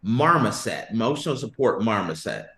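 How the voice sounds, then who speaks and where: A man's voice: lowish voice, moderate pace, echoey room. A man hosting a sports podcast, ranting and joking emphatically in casual banter. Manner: animated, joking, emphatic rants.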